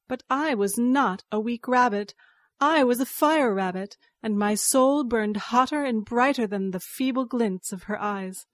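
Woman narrator, higher voice, unhurried, dry studio read. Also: no echo. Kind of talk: scripted story narration.

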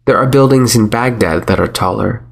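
A man narrating a first-person story in a measured, wry manner. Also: on the low side, vocal fry, husky.

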